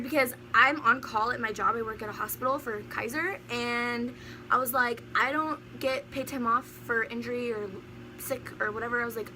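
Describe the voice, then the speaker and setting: A young woman with a high, bright voice tells a story on her vlog. She talks in an animated way and laughs often as she goes. There is a faint hiss behind her. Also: normal speed. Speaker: vlogger.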